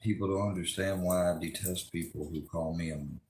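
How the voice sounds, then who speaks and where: A man's voice: sits low, fairly even intonation, normal speed, darkish tone, echoey room. A man, ranting angrily and with lots of profanity during a livestream. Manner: angry, profane, rambling rant.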